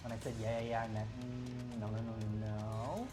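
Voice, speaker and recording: A man voicing a sassy, sarcastic male totem necklace in a tabletop game, quiet and drawling, with faint music behind. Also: mid-range voice, level tone, a little fast, voice pushed down, lightly acted.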